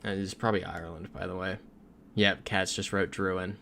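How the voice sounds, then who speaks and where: A young man from Florida on a gaming livestream talks in a low, gravelly voice and laughs as he reads out comments. Faint noise and keyboard typing sit behind him. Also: little pitch movement, fairly quick, sharp tone. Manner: chatty, reads viewer comments aloud, laughs often. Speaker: streamer. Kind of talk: casual livestream chat while gaming.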